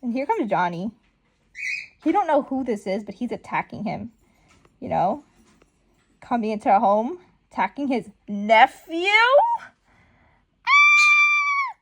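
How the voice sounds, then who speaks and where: Lively slangy woman reading comics aloud. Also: fairly high pitch, normal speed, long pauses, breathy edge. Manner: slangy, animated, thinks aloud. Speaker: comic reader and commentator. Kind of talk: casual comic read-along commentary. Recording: noisy home recording.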